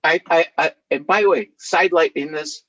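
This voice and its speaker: A middle-aged man telling stories to a live audience in an animated, chatty way, laughing now and then as he talks. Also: a little high, fairly quick, muffled recording. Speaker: author.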